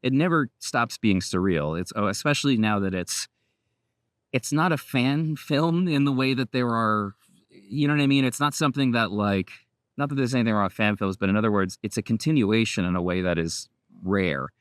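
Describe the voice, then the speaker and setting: A man in his thirties talks casually as a guest, loose and rambling, with frequent laughs. His voice sits low and sounds dry and close. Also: moderate pace, dry recording. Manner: relaxed, rambling, laughs often. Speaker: voice actor guest. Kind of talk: casual interview chat.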